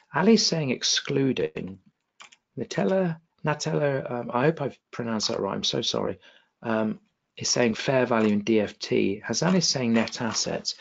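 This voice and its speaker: A man's voice: medium pitch, vocal fry, dull audio, slight background noise. A man teaching an online exam revision webinar, often checking with the class whether things make sense. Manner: animated, questioning the class often. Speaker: exam tutor.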